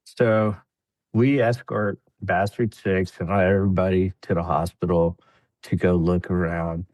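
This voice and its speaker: A man with a low, dry-miked voice tells a war story in relaxed podcast chat. He acts out what others said, jumping up into a higher voice for the quotes, and peppers his telling with fillers and laughs. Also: measured pace, dry recording. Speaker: podcast guest, veteran. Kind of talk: casual storytelling.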